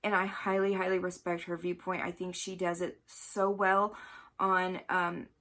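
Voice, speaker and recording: A woman's voice: on the low side, level tone, measured pace, fairly bright tone. A woman talking casually about books she loves, gushing and chatty. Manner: gushing, chatty, with fillers and self-corrections. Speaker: book vlogger. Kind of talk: casual book review talk.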